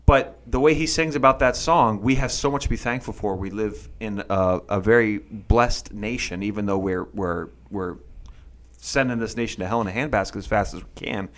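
Man with a lowish voice, chatting animatedly. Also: normal speed. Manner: animated, opinionated storytelling. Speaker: podcast host. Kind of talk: casual chat.

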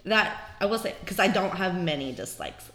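A woman's voice: medium pitch, moderate pace. A woman co-hosting a podcast, talking casually about a book with many restarts. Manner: hesitant, restarts, relaxed. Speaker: podcast co-host. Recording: echoey room.

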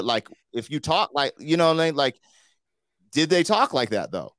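A man's voice: mid-range voice, sing-song, normal speed, a bit bright, dry recording, clean studio sound. A man hosting a podcast in loose, slangy casual chat, full of "like" and "you know.". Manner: loose and slangy, full of 'like' and 'you know'. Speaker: podcast host.

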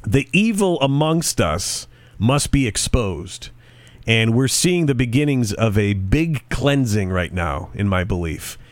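A man's voice: mid-range voice, expressive, measured pace, no echo. Rambling male podcast host. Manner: rambling, conversational storytelling with frequent restarts. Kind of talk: casual podcast chat.

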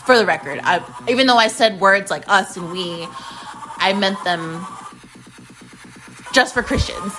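A woman's voice: mid-range voice, expressive, slow pace, long pauses, fairly bright tone, soft background music, low-quality recording. A woman hosting a casual solo podcast, rambling and swearing freely, often stuttering over repeated words. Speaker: podcast host.

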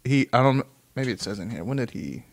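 A man's voice: mid-range voice, lively intonation, fairly quick. Rambling, swearing man chatting casually. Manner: profane, rambling, laughs often.

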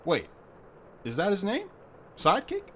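A man's voice: high voice, wildly swooping pitch, unhurried, a bit bright, a little hiss or hum, heavily acted. A man playing a kind, playful butcher. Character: kindly middle-aged male butcher, playful and protective. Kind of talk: radio drama acting.

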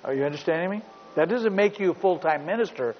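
His voice sits high, moving with lively intonation, and he talks quickly. The middle-aged pastor tells sermon stories with emphasis, returning to the same points, on a muffled recording in a spacious, reverberant hall.

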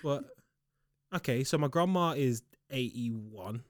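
A man in his 20s from Liverpool, England, co-hosts a casual podcast chat, arguing animatedly, laughing, and using London-style slang. He has a medium-pitched voice and speaks slowly. The sound is clean studio quality with no room sound.

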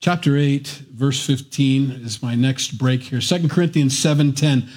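A man's voice: mid-range voice, steady tone, normal speed, hardly any pauses, darkish tone. A man preaching a sermon, reading scripture and breaking off for casual, joking asides. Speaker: pastor.

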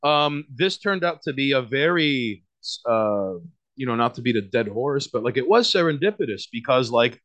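New york guy rambling on a podcast, mid pitch, lots of likes and restarts, swears a bunch. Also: lively intonation, moderate pace, fairly bright tone, lo-fi sound. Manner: rambling, many fillers and restarts, frequent swearing. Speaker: podcast guest. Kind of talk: casual podcast chat.

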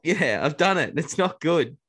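A man's voice: fairly high pitch, animated, measured pace, a bit bright, dry recording, clean studio sound. A man, chatting easygoingly on a podcast and poking fun at himself. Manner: easygoing, self-mocking. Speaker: podcast co-host. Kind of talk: casual chat.

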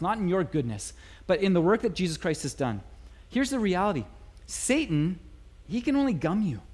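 Male pastor, higher voice, lively conversational sermon delivery in a church. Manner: animated, conversational preaching with playful asides. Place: church sanctuary.

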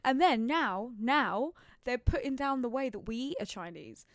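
A woman's voice: high-pitched, expressive, moderate pace, no room sound. A young woman co-hosting a podcast, telling stories in chatty, giggly casual talk. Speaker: podcast co-host. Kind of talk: casual chat.

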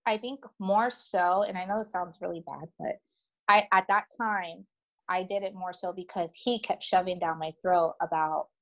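A woman telling her own story in casual conversation as a guest, chatty and animated, with many fillers, voicing the people in it. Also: fairly low pitch, normal speed, dull audio.

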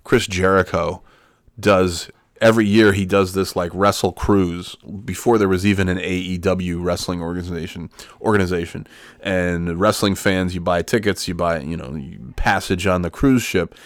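Recording a solo podcast at home, a middle-aged man vents in an exasperated, profanity-laced rant. His voice is low and steady at a moderate pace, with no room sound.

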